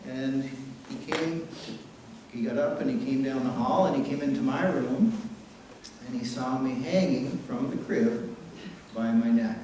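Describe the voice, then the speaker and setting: A middle-aged man from New Brunswick, Canada, delivers a eulogy for his father and tells family stories with an easy, chuckling warmth. His voice sits at a mid pitch and rings through a large, very reverberant church. The microphone is set some distance from him, and a faint hiss runs underneath. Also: measured pace. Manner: warm anecdotal storytelling, chuckling at his own stories. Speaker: son giving a eulogy. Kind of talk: funeral eulogy.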